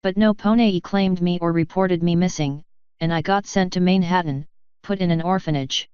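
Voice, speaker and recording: A woman's voice: lowish voice, steady tone, normal speed, darkish tone, smooth, no room sound, close to an everyday voice. A woman voicing a young male pony, an orphan thief who brushes off sympathy, in a guarded, matter-of-fact way; dull lo-fi recording. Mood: reflective.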